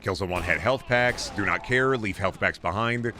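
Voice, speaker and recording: A man's voice: on the low side, moderate pace, bright, forceful tone, a little hiss or hum. A man streaming a shooter game, talking to his chat in a profane, blunt and mocking way. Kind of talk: casual game commentary to chat.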